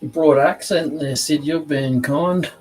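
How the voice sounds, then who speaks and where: A man's voice: a little high, unhurried, darkish tone, slight background noise, rough recording. A man chatting casually and chuckling as a woodworking vlogger outdoors. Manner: laid-back, chuckling, blokey. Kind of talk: casual chat.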